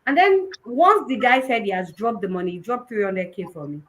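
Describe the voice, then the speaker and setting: A young woman with a Nigerian Yoruba-tinged accent, giving an animated personal testimony at a conference and mixing in Yoruba phrases. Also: medium pitch, fairly quick, poor audio. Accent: Nigerian, Yoruba-influenced English. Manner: animated storytelling, switching between English and Yoruba. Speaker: conference speaker.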